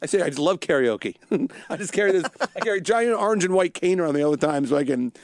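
Fast-talking guy, lively up and down voice, swearing thru funny stories on a podcast. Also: high-pitched, no room sound, clean studio sound. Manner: animated storyteller, quick and profane. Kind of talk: casual comedy podcast banter.

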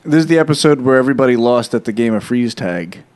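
This is a man with a voice of ordinary pitch chatting on a comedy podcast. He plays along with the crude bits and stays easygoing throughout. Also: expressive, fast, darkish tone, clear, resonant tone. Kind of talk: casual comedic banter.

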